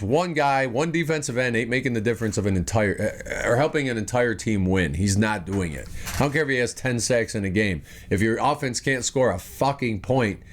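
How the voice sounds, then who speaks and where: A man's voice: mid-range voice, fairly bright tone. A man hosting a fan podcast, delivering an angry, profane, rambling sports rant.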